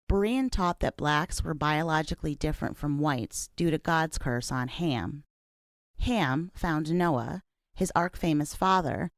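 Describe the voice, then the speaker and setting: A woman delivers scripted documentary narration with measured, serious pacing. Her voice is low, and the read sounds close and dry. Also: no echo. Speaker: podcast host and narrator.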